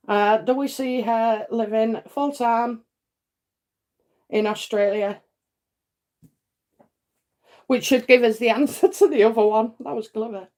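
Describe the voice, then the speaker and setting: A woman's voice: fairly high pitch, takes it slowly, long pauses, a little mellow. A woman hosting a live psychic reading stream, chatty and reassuring, with many fillers and frequent "okay?" checks. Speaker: psychic host answering viewer questions.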